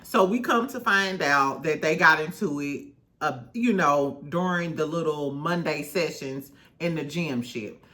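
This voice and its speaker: A woman's voice: low voice, a little slow, sharp tone. A woman recapping a reality show in casual chat, candid and swearing freely, laughing often.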